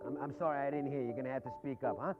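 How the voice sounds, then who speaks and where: A man acting in a children's TV drama, playing gruff, jokey working-class men around the neighborhood. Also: mid-range voice, steady tone, racing. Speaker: actor playing a garbage man and a mailman. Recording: tinny lo-fi old TV audio with music.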